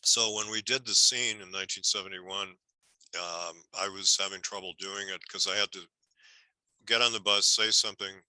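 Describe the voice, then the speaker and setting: A man's voice: deep voice, fairly even intonation, moderate pace, sharp tone, no room sound, poor audio. An older man, a film historian, telling rambling anecdotes with many restarts in a casual interview.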